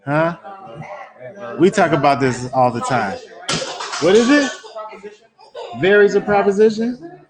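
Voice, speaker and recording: A man's voice: high-pitched, a little slow, long pauses, crowd noise. A man teaching a Bible study to a small group, talking conversationally and repeating words as he builds emphasis.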